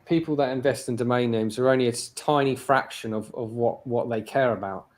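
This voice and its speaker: A man's voice: medium pitch, fairly quick, a little mellow. Chatty British man, guest on a show. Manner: chatty, heavy with "you know" and "like" fillers. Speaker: interview guest, domain investor. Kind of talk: casual interview chat.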